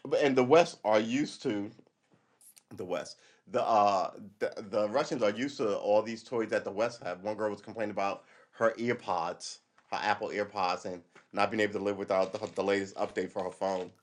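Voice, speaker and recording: A man's voice: fairly low pitch, steady tone, moderate pace. Rambling, profane man ranting on a livestream. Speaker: livestream host. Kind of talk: casual political monologue.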